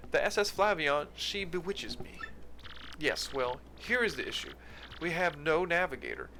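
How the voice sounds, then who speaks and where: A man's voice: on the high side, very animated, moderate pace, vocal fry, bright, forceful tone, slight background noise, heavily acted. A man voicing a boastful, vain male explorer with a fancy accent, talking in a pompous, grandiose way. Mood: fussy.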